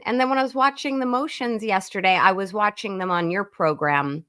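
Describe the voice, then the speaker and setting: A woman lawyer calling in as a guest on a live stream, her voice at an ordinary middle pitch. She talks in long, earnest run-on explanations in a casual, conversational way. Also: brisk, fairly bright tone, clean tone.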